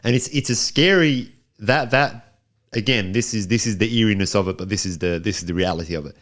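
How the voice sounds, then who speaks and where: A man's voice: fairly low pitch, brisk, fairly bright tone. An Australian man co-hosting a film review podcast in casual chat, often repeating and restarting his words.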